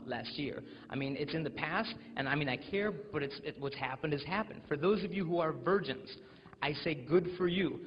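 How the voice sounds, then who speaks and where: A young American man in his twenties gives a humorous motivational talk at a school assembly, joking and acting out other people's voices. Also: on the high side. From United States. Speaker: abstinence speaker at a school assembly. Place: large school hall. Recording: echoey hall, dull lo-fi sound.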